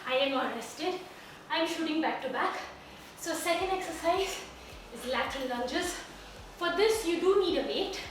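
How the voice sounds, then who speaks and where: Working out alongside her viewers at home, a woman with an Indian accent talks breathlessly through each move. This fitness instructor has a very high, animated voice at a moderate pace, with background noise. The recording is distant, in a very echoey room.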